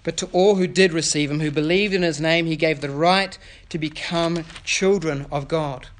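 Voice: mid-range voice, steady tone, moderate pace. A pastor preaching an earnest sermon that explains scripture and puts questions to the children.

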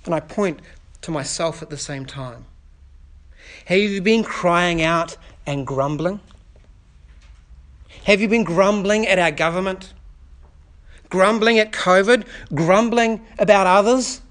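A man preaching a sermon at a church service, speaking earnestly, often dropping to a soft, quiet delivery and building through repeated rhetorical questions. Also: sits high, slow pace, long pauses. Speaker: pastor.

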